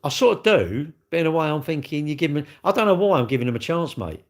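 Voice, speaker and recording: Fairly high-pitched and sing-song, this man talks at a quick pace as he hosts a livestream. He chats casually with his viewers, rambling, repeating himself, and speaking bluntly.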